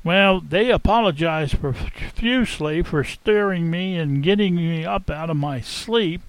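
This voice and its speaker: A man telling a first-person dramatic monologue as an innkeeper, theatrical and expressive, savoring the tale. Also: a little high, a little slow, dry recording, poor audio. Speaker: storyteller.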